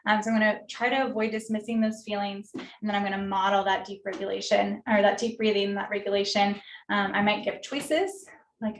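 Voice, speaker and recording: A woman's voice: medium pitch, steady tone, brisk, a bit bright. A woman, an occupational therapist, gives an informal, friendly workshop talk to parents, full of fillers and asides. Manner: friendly, conversational, many fillers. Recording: roomy echo, distant mic.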